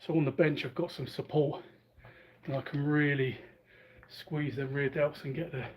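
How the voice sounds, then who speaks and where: A man's voice: on the high side, steady tone, normal speed, slight background noise. A man giving casual commentary while working out, out of breath and panting between sets, picked up by a built-in device mic. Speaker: fitness streamer. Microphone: built-in device mic, no dedicated microphone.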